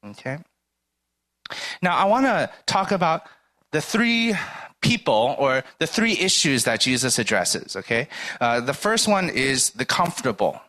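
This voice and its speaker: A man's voice: mid-range voice, sing-song, measured pace, pushed and bright. A man giving a sermon in a casual, conversational way, often asking "right?" and acting out little dialogues. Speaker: preacher. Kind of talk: sermon with everyday stories.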